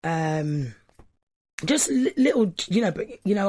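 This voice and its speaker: A man's voice: fairly high pitch, expressive, measured pace, creaky, a little mellow. A man being interviewed for a documentary, recalling his school years thoughtfully as he searches for words.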